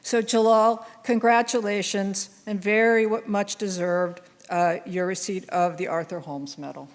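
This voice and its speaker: An older woman speaking from a stage in a big conference hall, her voice trailing into a long reverb. She delivers a formal tribute at a measured, hesitant pace, pausing often and sounding fond of the person she honors. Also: mid-range voice, steady tone. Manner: warm, measured, with frequent hesitations. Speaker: award presenter giving a laudation.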